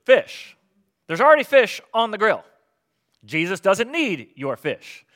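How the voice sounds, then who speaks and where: Bright-voiced animated preaching pastor. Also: male voice, sits high, measured pace. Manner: animated, conversational preaching with rhetorical questions. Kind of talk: sermon.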